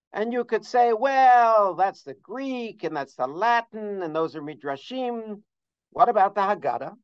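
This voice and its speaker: A man's voice: on the high side, dry recording. Earnest scholarly man, dull dry recording. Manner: earnest, cites sources in detail, frequent uhs. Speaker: religious teacher. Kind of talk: scholarly holiday lesson.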